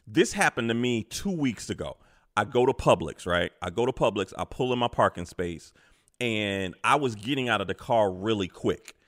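A man hosting a casual podcast chat, telling stories in an animated way and swearing freely. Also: on the low side, normal speed. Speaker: podcast host.

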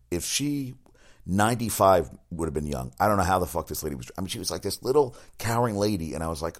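Deep-voiced middle-aged guy doing sports talk, swears a lot, rambles on. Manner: rambling, profane, animated storytelling. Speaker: sports talk show host.

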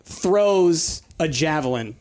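A man's voice: fairly high pitch, animated, slow pace, a little mellow, clean tone. A man running a tabletop game as game master, rambling with many fillers and restarts.

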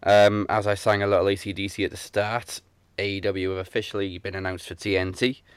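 A man's voice: on the low side, flat delivery, a little fast, clear, resonant tone, dry recording. A man hosting a podcast in a casual, jokey, upbeat way. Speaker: podcast host. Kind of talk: casual chat.

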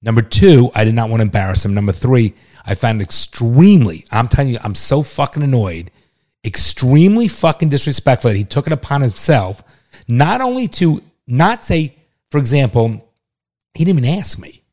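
A man's voice: medium pitch, sing-song, moderate pace, a little mellow. A middle-aged man talking as father and co-host in a casual family chat, emphatic and insistent, swearing freely. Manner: emphatic, heavily profane, insistent.

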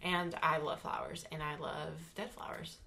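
Animated young woman storyteller. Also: sits low, normal speed, gravelly. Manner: animated storyteller, swearing, acting out voices. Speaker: podcast co-host. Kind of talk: casual chat.

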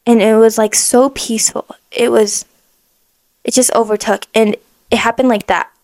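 A woman hosting a podcast tells her personal faith testimony in an emotional way, full of "like" fillers, sometimes dropping to a hushed whisper. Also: a little high, steady tone, normal speed, dry recording. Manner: emotional, heavy use of "like" fillers; drops to a hushed whisper in moments of prayer. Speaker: podcast host.

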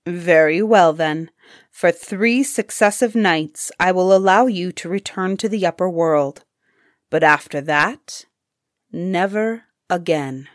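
A regal sea king from a fairy tale, voiced by a woman narrator. He speaks slowly and solemnly, and the recording is dry and close. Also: fairly low pitch, dry recording.

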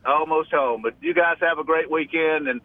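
A man from Alabama phones a radio show and talks casually in his Southern accent, rambling and starting over many times. The line is tinny but the recording is dry, and his fairly high voice keeps a normal speed.

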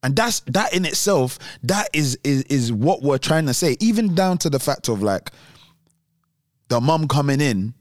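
A man's voice: fairly high pitch, sing-song, measured pace, dry recording, clean studio sound. A young man, telling a story on a casual podcast and acting out other people's voices. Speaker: podcast co-host.

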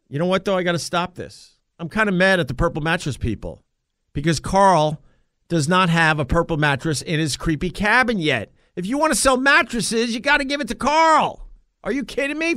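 A bright, lively-voiced man from New York hosting a podcast. He banters loudly and laughs often, his pitch bouncing around as he talks. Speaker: podcast host. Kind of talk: casual chat and ad read.

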